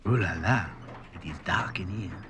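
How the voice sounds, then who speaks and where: A man's voice: sits low, moderate pace, noisy background, lightly acted. Man doing a snooty French doll, put-on French accent, languid, theatrical, cartoon, music behind. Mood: uneasy. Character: snooty bored male French rag doll. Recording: music under the voice.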